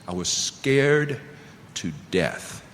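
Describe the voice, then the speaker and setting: A man's voice: mid-range voice, lively intonation, very slow, a bit bright. A middle-aged man at an AA meeting tells his recovery story, telling it vividly and asking the audience rhetorical questions. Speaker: AA speaker. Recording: long reverb, faint background noise.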